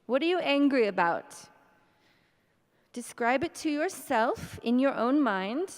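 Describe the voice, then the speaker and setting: A woman leading a guided tapping session, speaking slow scripted affirmations between deep sighs and breaths. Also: expressive. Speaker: EFT tapping practitioner. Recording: long reverb in a hall.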